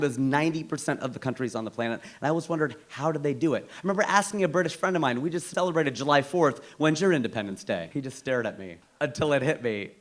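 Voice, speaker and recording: A man performing a stand-up comedy set, delivering punchlines with animated incredulity. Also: medium pitch. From United States.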